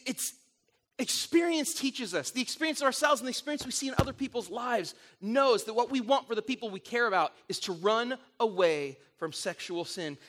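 A middle-aged man preaching a sermon, telling stories in an animated way with frequent restarts. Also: very high-pitched. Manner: animated storytelling with repeated restarts. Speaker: pastor.

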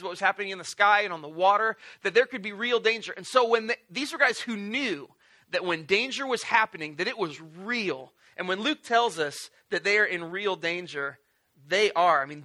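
A man preaching a sermon in a casual, animated storytelling way with playful asides. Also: high-pitched. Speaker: pastor.

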